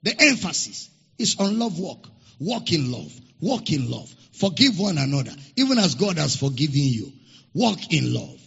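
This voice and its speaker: A high, bright, gravelly-voiced man preaches with big swings in pitch, hammering his points home by repeating short phrases. His voice is very husky. The dull, lo-fi recording carries a long reverb from the hall. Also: big pitch swings, normal speed. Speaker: pastor. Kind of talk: sermon.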